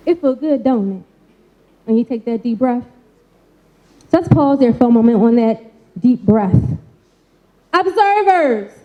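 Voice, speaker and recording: A woman's voice: high voice, mellow, dull audio. A woman giving an interactive live talk, coaxing the crowd with casual call-and-response and frequent "right?" tags. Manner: colloquial, folksy phrasing. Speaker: speaker giving a talk on mental health. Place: event stage before a live audience.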